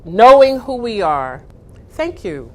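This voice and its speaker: A middle-aged woman giving a motivational talk, telling a story with dramatic pauses. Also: a little high, very animated, a little hiss or hum. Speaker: speaker.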